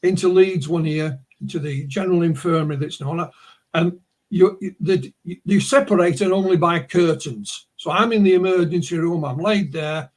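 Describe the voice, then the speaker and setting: A man with a Yorkshire accent, a guest on a video call, telling stories in a rambling way with many restarts. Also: on the high side. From Yorkshire, England. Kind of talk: casual conversation, storytelling.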